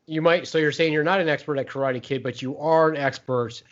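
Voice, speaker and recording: A man's voice: on the high side, fairly even intonation, a little fast. A middle-aged man hosting a podcast, teasing his co-hosts and hyping them up in casual chat. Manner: playful, teasing, hypes up the crew. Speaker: podcast host. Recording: dull lo-fi podcast audio.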